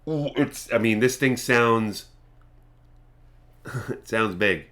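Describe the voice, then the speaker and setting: A man's voice: mid-range voice, slow, fairly bright tone. A man running a tabletop game as game master, hesitant with many fillers and frequent laughs.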